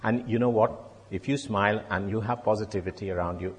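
Man preaching, chatty sermon, stumbling repeats, low husky voice, long hall reverb. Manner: conversational, halting repeats, wry asides. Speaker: lay preacher and doctor.

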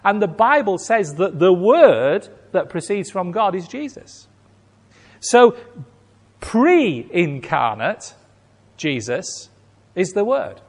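A man with a high-pitched voice and big pitch swings takes his time preaching an emphatic, rhetorical sermon. He acts out imagined reactions and repeats key phrases, with long hall reverb on the recording.

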